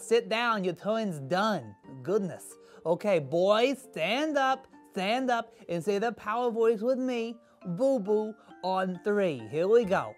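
Faint music sits under a kids' church skit where a performer voices a grumbling, sarcastic kid who is quick to get annoyed. The delivery is dry and deadpan, medium-pitched and lightly acted.

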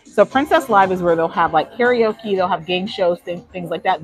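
Faint music sits behind a woman speaking on the low side at a normal speed, in a low-quality recording. As a vlogger, she gives a chatty live tour on foot through the indoor decks of a cruise ship, a bit winded while replying to chat.

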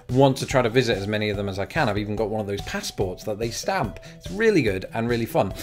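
A young English man hosting a casual vlog, talking with wry, self-deprecating asides. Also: medium pitch. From England. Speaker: YouTube host.

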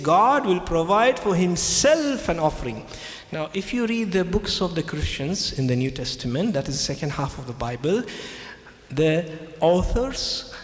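Male pastor, Indian English accent, emphatic sermon delivery; roomy reverberant hall sound. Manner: retelling scripture with frequent "okay?" check-ins; hesitant fillers and restarts, emphatic swings in pitch. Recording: echoey hall with long reverb.

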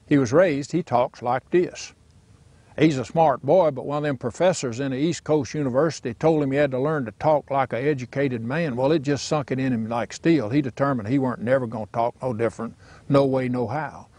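A man telling a folksy story with dramatic pauses. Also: medium pitch, a little mellow, no echo. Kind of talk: recorded storytelling.

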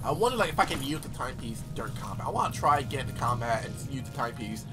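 A young man hosting a let's play, commenting excitably on his gameplay, laughing and swearing often. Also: mid-range voice, very fast. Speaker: gaming channel host. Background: game music and sound.

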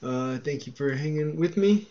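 Animated and moderately paced, a man with a fairly high voice mutters names and letters under his breath as he indexes records, making self-deprecating remarks. It's a muttered screen-recording commentary, and the muffled audio is marked by loud typing.

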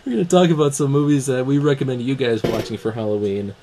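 A young man hosting a casual podcast, talking in a relaxed way with plenty of fillers. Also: mid-range voice, fast, a little hiss or hum. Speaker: host. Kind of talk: podcast intro and casual chat.

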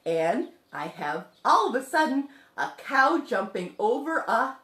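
A young woman hosting a sing-along show for toddlers, talking slowly and playfully to small children. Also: on the high side, sing-song, fairly bright tone, echoey room. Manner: slow, exaggerated, playful talk to small children. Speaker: children's music teacher and show host.

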